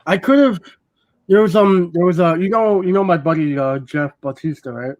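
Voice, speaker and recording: A man's voice: high-pitched, normal speed, darkish tone, no echo, highs cut off. A man co-hosting a casual podcast, recounting a story with many ums and restarts. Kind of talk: casual chat.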